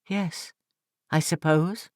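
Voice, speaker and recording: A man's voice: on the high side, fairly even intonation, slow pace, dry recording, clean studio sound. A man reading an audiobook and voicing an anguished young woman who pleads through tears. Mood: tearful. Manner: pleading, tremulous. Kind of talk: audiobook character voice.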